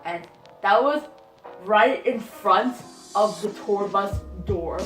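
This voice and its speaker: A young woman vlogger with a hoarse voice, rambling through a fan story with lots of fillers and giggles. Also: medium pitch, takes it slowly. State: hoarse from screaming. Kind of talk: casual fan vlog storytelling. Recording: echoey, from a distance, music behind.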